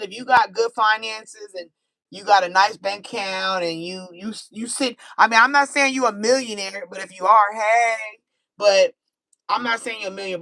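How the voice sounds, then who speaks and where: An American woman doing a casual live-stream tarot reading, animated and chatty, laughing easily. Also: mid-range voice, no room sound, low-quality recording. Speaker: tarot reader.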